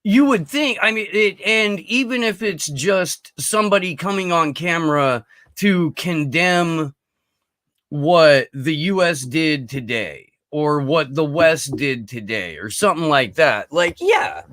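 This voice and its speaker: A man co-hosting a podcast in casual chat, speaking in a measured, reflective way. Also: a little high, expressive, a bit bright, dry recording. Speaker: podcast co-host.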